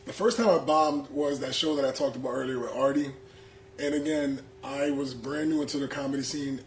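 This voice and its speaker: A man, a comedian guest, telling stories casually in slangy talk, acting out the people he quotes. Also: fairly high pitch. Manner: animated, slangy, acts out quotes. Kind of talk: casual storytelling. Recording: echoey room with faint background noise.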